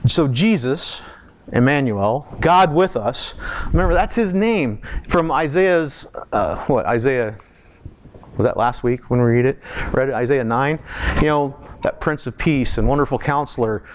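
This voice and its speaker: A man preaching a sermon in a church, talking conversationally, asking the congregation questions and slowing down to stress key words. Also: animated, slight background noise. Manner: slows down and lifts pitch for emphasis. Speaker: pastor.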